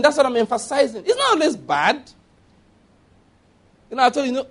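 A male preacher with a notably high voice delivers a sermon in a loose, conversational way. He throws questions back at the congregation and drifts into chatty asides. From Nigeria. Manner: conversational preaching with asides and laughter, call-and-response.

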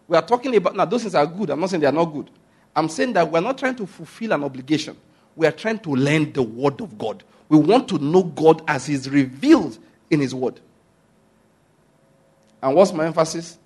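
Male preacher, high husky voice, emphatic sermon delivery that keeps quizzing the congregation. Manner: emphatic, repeats key phrases, asks the listeners questions.

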